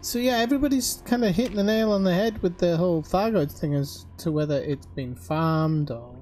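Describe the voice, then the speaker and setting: A man's voice: sits high, brisk, darkish tone. A man chatting casually to his viewers while streaming a video game. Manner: chatty, talks straight to viewers. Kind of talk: casual live-stream chat while playing.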